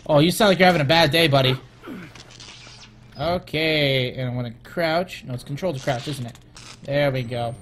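A man's voice: a little high, slight background noise. A man hosting a let's play of a horror game, talking to himself in a jittery way and yelping and shrieking when scared.

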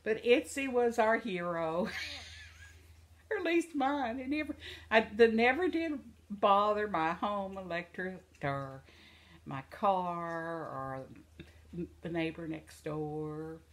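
A woman's voice: mid-range voice, lively intonation, takes it slowly. An older woman spinning homespun anecdotes for her followers. She rambles from one aside to the next and keeps laughing at her own tales as she goes. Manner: laughs often while telling stories. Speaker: vlogger. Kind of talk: casual storytelling.

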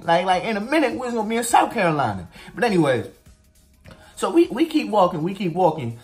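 A man casually telling a story to his viewers, animated and profane. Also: brisk, soft background music. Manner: animated, profane, swings pitch widely for emphasis.

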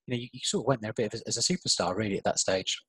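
A man's voice: fairly low pitch, rapid-fire, fairly bright tone, husky, dry recording, poor audio. A man hosting a casual interview podcast, asking friendly questions that stumble over repeated words. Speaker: podcast host.

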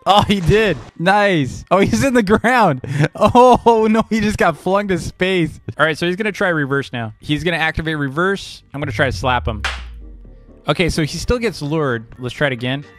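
Gaming host, male, upbeat and jokey, voice sits a bit high, sudden yelps. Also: normal speed, faint music behind. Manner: excitable, laughs often, sudden high-pitched outbursts. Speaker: gaming YouTuber. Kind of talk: casual gameplay commentary.

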